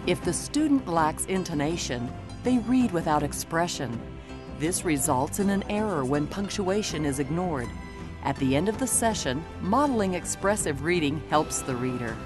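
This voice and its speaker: A woman reading scripted documentary narration in a measured, explanatory way, recorded as a studio voice-over. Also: deep voice, lively intonation. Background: background music.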